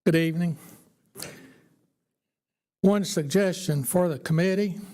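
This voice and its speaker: Slow-speaking man in his eighties. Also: sits high, dark tone. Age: 80s. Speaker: former teammate giving a tribute.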